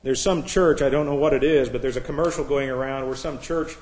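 A man's voice: mid-range voice, steady tone, a little fast, a little mellow. A man teaching verse by verse from the Bible, reading scripture with rising force and adding sarcastic asides. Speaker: preacher. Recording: echoey room.

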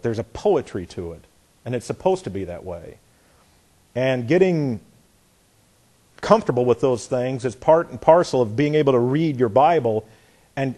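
Middle-aged male Bible teacher, husky, animated delivery, folksy sermon style with read-aloud examples. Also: medium pitch. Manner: folksy, repeats phrases, demonstrates by reading aloud.

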